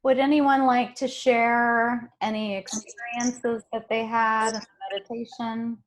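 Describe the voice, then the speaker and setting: A woman hosting a meditation group on a video call, gentle and soft-spoken, laughing often. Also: fairly high pitch, flat delivery, slow pace.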